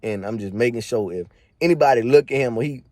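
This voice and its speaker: A man's voice: medium pitch, quick pace, mellow, no room sound, studio quality. A man telling a rambling, slangy story from a party in a casual storytime monologue. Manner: slangy, rambling, fillers and restarts.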